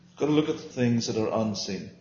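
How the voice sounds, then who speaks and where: A man's voice: medium pitch, fast, warm tone, a little hiss or hum. Man, Bible teacher, earnest and emphatic, questions and answers, roomy lo-fi recording. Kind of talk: small-group Bible teaching.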